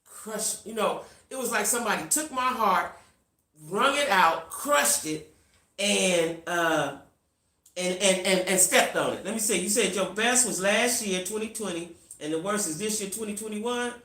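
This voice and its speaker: A middle-aged woman hosting a live stream, telling a personal story in a casual, animated way and talking straight to her viewers. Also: mid-range voice, a little slow, reverberant. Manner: reads out viewer comments. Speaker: livestream host.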